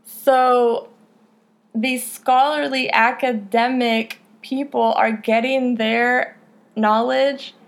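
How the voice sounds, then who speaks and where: A woman's voice: fairly high pitch, steady tone, drawn-out words. A young woman hosting a casual podcast, talking candidly, swearing freely and filling her speech with "like" and "you know". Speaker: podcast host.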